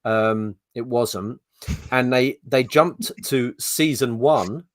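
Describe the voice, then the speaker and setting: A man's voice: mid-range voice, slow pace, no echo. Ranting man, dry close sound. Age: middle-aged. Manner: ranting, exasperated, swears freely. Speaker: podcast co-host. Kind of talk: casual podcast chat.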